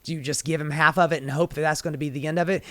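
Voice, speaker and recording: A man's voice: fairly high pitch, fairly even intonation, racing, bright, forceful tone, no echo. A man giving sarcastic, profane political commentary. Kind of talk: commentary video.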